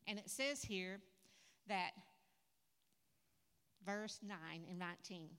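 An older woman preaching a sermon at a conference in a church hall, lively and humorous, talking straight to the audience. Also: medium pitch, slow, smooth. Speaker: conference speaker. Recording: echoey hall.

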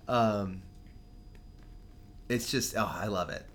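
A fairly low-voiced man chats loosely as a podcast co-host and breaks into laughs often. A faint rumble sits under the recording. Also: lively intonation, brisk, fairly bright tone. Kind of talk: casual chat.

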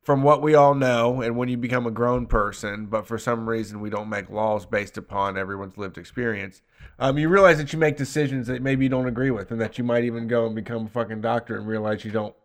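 A man's voice: mid-range voice, fairly even intonation, fairly quick. Easygoing, agreeable man in chat. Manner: agreeable, laughs often, swears casually. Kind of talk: casual profane chat.

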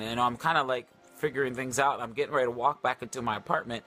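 A man hosting a livestream, telling a story casually in a rambling, animated way with many fillers and restarts. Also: mid-range voice, fast talker, few pauses, soft background music. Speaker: livestream host.

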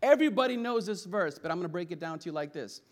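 Male pastor, high-pitched, lively conversational sermon delivery with call-and-response, recorded in church. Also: fast talker. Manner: energetic preaching with call-and-response to the congregation.

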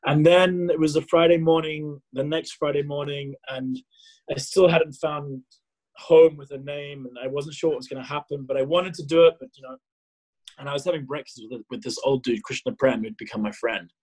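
A man from South Africa in his thirties, telling a personal story as a podcast guest, animated and full of fillers. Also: fairly high pitch, normal speed, poor audio. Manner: animated, acts out his own past dialogue, many fillers and restarts. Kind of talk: casual storytelling.

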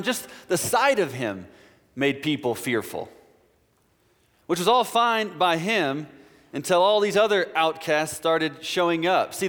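A man's voice: high-pitched, fairly bright tone. A man preaching a sermon as pastor in a church, in a conversational style with playful asides. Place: church sanctuary. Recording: long church reverb.

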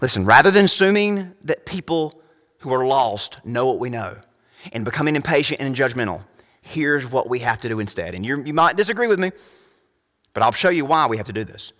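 A young adult man preaching a sermon as pastor, emphatic, rising to loud high peaks. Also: expressive, a little fast, long reverb tail.

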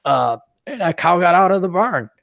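A man hosting a podcast in casual chat, pitched a little above the usual male range. He tells animated, rambling stories full of restarts, on a dry, close studio mic. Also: moderate pace, creaky, no echo. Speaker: podcast host.

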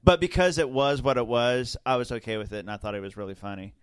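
Smooth-voiced man hosting a film podcast. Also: mid-range voice, fast, no echo. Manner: animated, restarts and laughs often. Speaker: podcast host. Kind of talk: casual film review chat.

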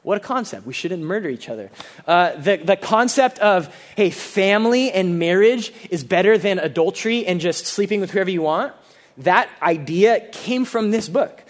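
A pastor preaches a sermon in an earnest, conversational, expressive manner at normal speed. He often restarts his sentences and suddenly drops low and quiet for emphasis.

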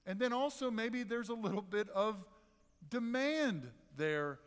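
A pastor preaches in an animated, conversational way, leaning on dramatic pauses. His voice sits fairly high for a man, and a long reverb carries it around the church sanctuary. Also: clear, resonant tone. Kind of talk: sermon.

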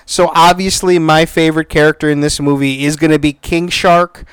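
A man giving a casual spoken movie review, excitable and profane, with lots of restarts. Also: fairly high pitch, moderate pace, smooth, dry recording.

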